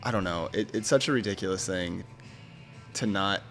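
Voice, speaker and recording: Lower-voiced man telling bar stories. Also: faint music behind. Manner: animated storyteller, quick asides, frequent "like" and "I swear to God". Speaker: comedian guest. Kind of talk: casual podcast chat.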